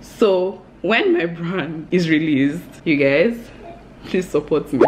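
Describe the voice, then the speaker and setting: Woman in her thirties, home vlogger, low and lively, lots of laughter. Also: takes it slowly, background noise. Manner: bubbly, excitable, laughs often. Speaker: vlogger and new business owner. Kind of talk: casual vlog chat to camera.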